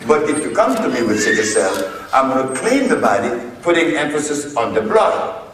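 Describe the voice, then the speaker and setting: A man giving a public lecture, speaking deliberately and posing rhetorical questions to his audience. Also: medium pitch, very animated, noisy background. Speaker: lecturer addressing a group. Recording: echoey hall, voice from far off.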